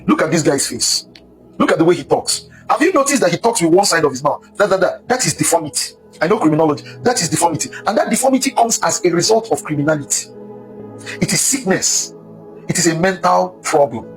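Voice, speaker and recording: A man delivers heated commentary in a high, animated voice that swoops up and down. He talks like a preacher, repeating his points for emphasis. Faint music plays underneath. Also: poor audio. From Nigeria. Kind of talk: impassioned commentary.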